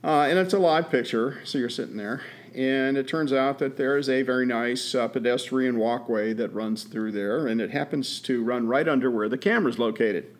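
A man's voice: medium pitch, moderate pace, hardly any pauses. A man co-hosting a podcast, telling a story in a folksy, easygoing way with many fillers and restarts. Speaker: podcast co-host. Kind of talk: casual chat.

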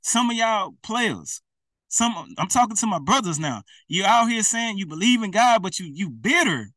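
Preacher, male, direct and repetitive, bright tone, sits back from the mic. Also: high-pitched, expressive, moderate pace, no room sound, recorded from a distance. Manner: colloquial, repetitive, direct address. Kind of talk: informal preaching to camera.

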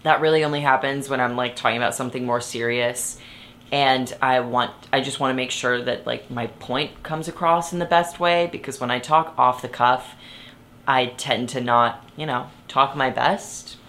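Young woman, low voice, casual rambling podcast chat, laughs a lot, sitting on her bed. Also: normal speed, fairly bright tone. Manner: rambling, self-interrupting, laughs often. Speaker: podcast host.

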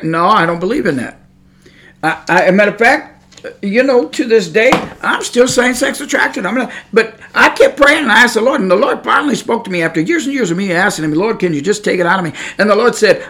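A man preaching a sermon, fervent, moving from quiet asides to loud shouted peaks in a folksy church cadence. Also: sits high, expressive, fairly quick.

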